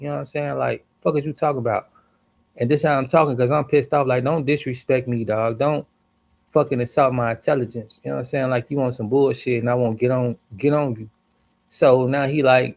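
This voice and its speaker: A man tells a story on a livestream as a heated, profane rant, hitting his words hard. His voice has a rough, gravelly edge and sits at a middle pitch. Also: fairly even intonation, fairly quick, darkish tone. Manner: angry, profane, emphatic.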